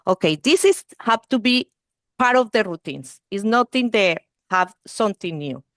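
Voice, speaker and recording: A woman's voice: medium pitch, expressive, moderate pace, a bit bright, dry recording, clean studio sound. A woman presenting a training webinar for early-learning teachers over a video call, speaking non-native English and often checking in with "okay?" and "you see".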